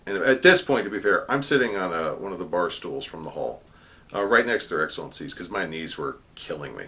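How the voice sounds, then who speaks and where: Man, middle-aged, low-pitched, bright forceful tone, casual storytelling, chatty fillers. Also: animated, brisk. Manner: chatty, self-deprecating, with fillers and restarts; booming formal proclamation when quoting court cries. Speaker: court herald.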